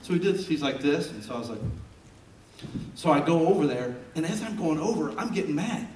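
A fairly high-voiced man preaches in a church sanctuary, telling animated, joking stories. His voice carries through a roomy space from some distance off the mic. A faint hum of room noise sits underneath. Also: a little fast. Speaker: pastor. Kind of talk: sermon with folksy storytelling.

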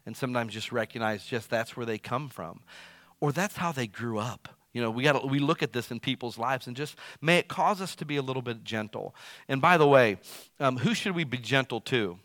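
A man preaching a sermon who calls himself loud. He swings from loud emphatic lines to quiet asides. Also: medium pitch, brisk, no room sound. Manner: self-described as loud. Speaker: pastor.

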